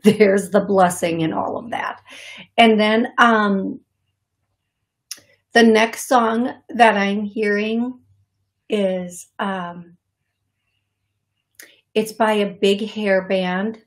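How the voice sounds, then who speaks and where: A woman's voice: medium pitch, fairly even intonation, drawn-out words, long pauses. A woman hosting a call-in radio show as a psychic medium, talking in a rambling, self-deprecating way and laughing often. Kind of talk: casual radio call-in talk. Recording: radio studio broadcast.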